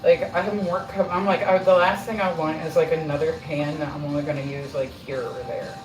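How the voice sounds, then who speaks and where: Woman, middle-aged, chatty self-deprecating livestream talk, low voice, roomy kitchen echo. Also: fairly even intonation, a little fast. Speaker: livestream host. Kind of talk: casual livestream chat while baking. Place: home kitchen. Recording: roomy echo, mic at a distance. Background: music playing.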